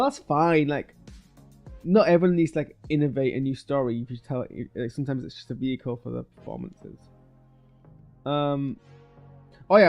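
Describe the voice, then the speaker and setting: Here a man with a fairly high, darkish voice gives an offhand spoken film review for his video channel. Captured on a streaming webcam setup, he meanders, hesitates and keeps starting over.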